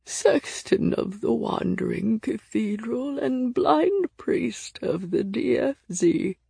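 A woman voicing an ancient, creaky, scratchy blind priest. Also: on the high side, expressive, dark tone, dry recording, voice pushed up, full character voice. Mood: cryptic. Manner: slow, drawn-out, half-whispered.

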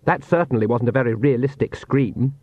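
A man's voice: mid-range voice, fairly quick, dry recording, dull audio, close to an everyday voice. A man voicing a haughty young female vampire.

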